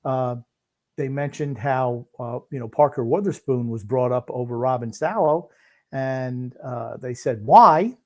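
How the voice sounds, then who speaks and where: A gruff man gives dry, unhurried commentary on a live game, leaving long pauses mid-thought. His voice sits at an ordinary middle pitch. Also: steady tone, mellow. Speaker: podcast co-host. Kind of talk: casual sports commentary while watching a game.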